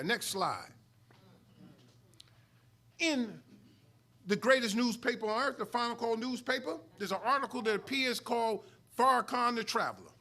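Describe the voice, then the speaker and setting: A man's voice: sits high, bright, forceful tone. A middle-aged man from New York, a student minister teaching a sermon-style study lesson, swelling into emphatic peaks and calling out to the congregation. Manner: preacherly, rising emphatic swells and call-outs to the congregation. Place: mosque hall.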